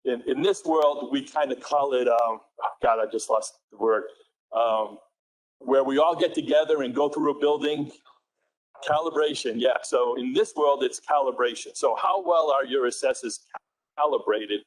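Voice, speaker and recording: A man with a New England accent giving a talk at a conference. He speaks at a mid pitch, easygoing and conversational, often correcting himself mid-sentence and asking the room questions. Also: normal speed, rough recording. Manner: conversational, self-correcting, asks the audience questions. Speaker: conference presenter. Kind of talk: technical conference presentation.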